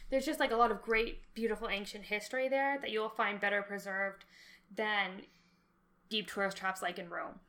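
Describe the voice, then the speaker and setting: A young woman co-hosting a podcast in casual chat, animated and chatty, laughing often. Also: medium pitch, normal speed. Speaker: podcast co-host.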